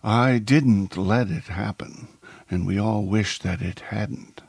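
A man voicing a calculating male crime boss who speaks in a measured, coolly polite way. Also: lowish voice, vocal fry, darkish tone, husky, dry recording, heavily acted.

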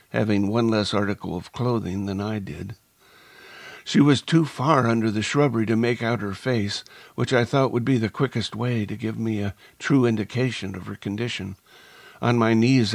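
Low-voiced male audiobook narrator. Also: dry recording. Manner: measured, deliberate storytelling. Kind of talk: scripted first-person narration.

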